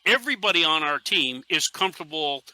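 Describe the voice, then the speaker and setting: A middle-aged man from Northeastern Pennsylvania, a podcast guest who tells stories in a casual, animated way and acts out quotes. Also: on the high side, fairly quick, no echo. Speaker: podcast guest, airsoft team leader.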